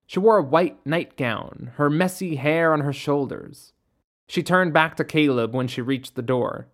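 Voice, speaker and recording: A narrator reading a ghost story in a measured, steady way. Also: mid-range voice.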